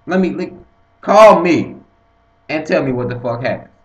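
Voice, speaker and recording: A man's voice: mid-range voice, fast. Profane man ranting in an echoey room. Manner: animated, swearing freely, repeats himself. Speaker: vlogger. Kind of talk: profane casual rant to camera. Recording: echoey room, dull lo-fi sound.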